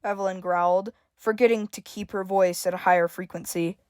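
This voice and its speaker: A woman's voice: medium pitch, fairly even intonation, fairly quick, a little mellow, clear, resonant tone, no echo, studio quality. A woman reading a scripted story aloud as narrator. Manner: reads dialogue with shifting emphasis, stammers for a frightened character.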